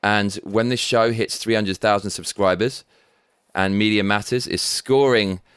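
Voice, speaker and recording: A man's voice: lowish voice, fairly even intonation, a little slow, fairly bright tone, clean tone, no echo, studio quality. A man with an English accent hosting a live stream, reading out viewer comments in a cheeky, rambling, sweary way. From England.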